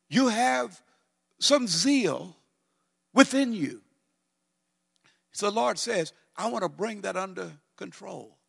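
A middle-aged male pastor preaching a sermon, swinging from loud, excited near-shouting down to low, quiet speech. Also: slow pace, vocal fry, pauses often, slightly rough, big-room sound.

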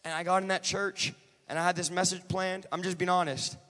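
A man with a very high voice preaches a sermon in a large church. He jokes with the congregation, then builds into shouted, rhythmic calls. His voice rings with a long reverb. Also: little pitch movement, fairly quick. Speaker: guest preacher.

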